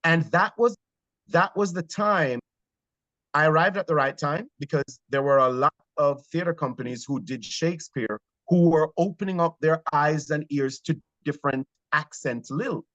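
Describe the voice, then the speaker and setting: A man from Jamaica with a Jamaican accent, a theater actor telling stories in an interview, animated but hesitant. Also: fairly high pitch, moderate pace, dry recording, poor audio. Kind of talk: conversational interview.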